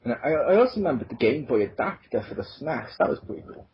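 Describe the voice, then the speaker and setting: Husky joking man on a lo-fi podcast. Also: mid-range voice, sing-song, fast. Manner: joking, does mock voices. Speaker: podcast co-host. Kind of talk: casual podcast chat. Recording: dull lo-fi podcast audio.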